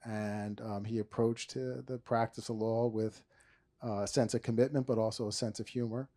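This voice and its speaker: A man's voice: lowish voice, fairly even intonation, moderate pace, warm tone. A middle-aged man from New Jersey, an author and former prosecutor, talking in a stage interview with many restarts and dry humor.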